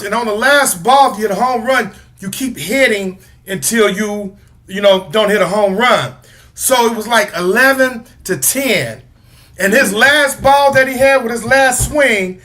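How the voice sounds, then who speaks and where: A man's voice: very high-pitched, bright, forceful tone. A man co-hosting a casual sports talk show, rambling and joking as he trash-talks rival teams. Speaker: co-host.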